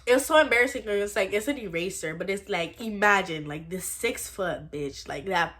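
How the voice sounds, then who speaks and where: A young adult woman telling a personal story in a blunt, profane, animated storytime way. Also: mid-range voice, fairly quick. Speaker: storytime vlogger. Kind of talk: casual storytime.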